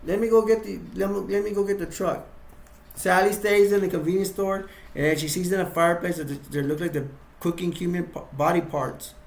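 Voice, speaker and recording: Man, rambling casual retelling, gravelly edge, slightly high voice, echoey room. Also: steady tone, brisk. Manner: rambling, restarts, acts quotes in raised voice. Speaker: fan retelling a horror film. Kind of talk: casual acted-out retelling with toys.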